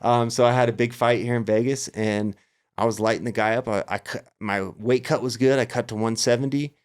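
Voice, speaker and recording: A middle-aged man with a mid-range voice tells a story as a guest on a casual podcast. He talks with lively energy and acts out what he was thinking at the time. His pitch sits right in the ordinary middle for a man. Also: a little fast, clear, resonant tone. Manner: animated storyteller acting out his own past thoughts. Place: Las Vegas area.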